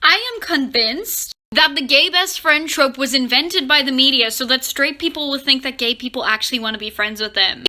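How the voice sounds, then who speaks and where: A woman's voice: high voice, bright, forceful tone. A woman giving a casual, sassy comedic rant to the camera as a short-video creator. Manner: sassy, emphatic. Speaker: TikTok creator.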